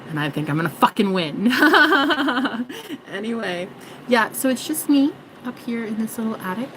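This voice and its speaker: A woman's voice: medium pitch, fairly quick, a little hiss or hum, rough recording. A woman vlogging in a rambling, joking monologue, swearing and mocking herself. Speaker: spiritual vlogger.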